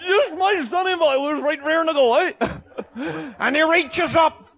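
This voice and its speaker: A man with a Newfoundland accent telling a comic tall tale, boisterous, often shouting and laughing mid-sentence. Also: very high voice, measured pace, gravelly. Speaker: comic storyteller.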